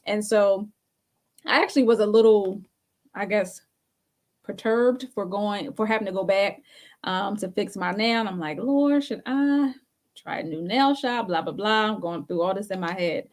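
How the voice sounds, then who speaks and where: A woman's voice: mid-range voice, fairly even intonation, moderate pace, a little mellow. A woman co-hosting a talk show, telling a story in a casual, chatty way and laughing often between phrases.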